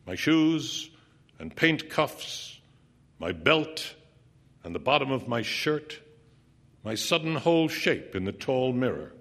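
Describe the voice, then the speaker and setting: A man narrating a first-person story aloud in an intense, dramatic way, his voice sinking at times to a hushed near-whisper. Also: medium pitch, gravelly.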